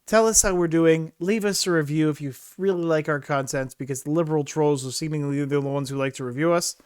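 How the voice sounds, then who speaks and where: A man's voice: a little high, fast, darkish tone, clean tone. A man co-hosting a casual podcast, joking around and reading out the show's sign-off. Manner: jokey, reads off sign-off lines. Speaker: podcast co-host.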